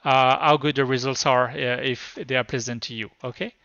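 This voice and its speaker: A man with a French accent, a native French speaker, giving a live tech demo at a conference in a halting way with many restarts. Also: mid-range voice, fairly even intonation, bright, forceful tone, no echo. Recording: dull lo-fi sound.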